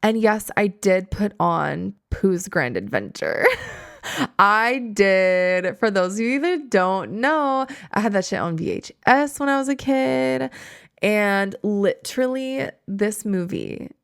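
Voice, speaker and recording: Chatty young woman with vocal fry. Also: medium pitch, slow, no room sound, clean studio sound. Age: 20s. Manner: chatty, slangy, animated storytelling. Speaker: podcast host. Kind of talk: casual chat.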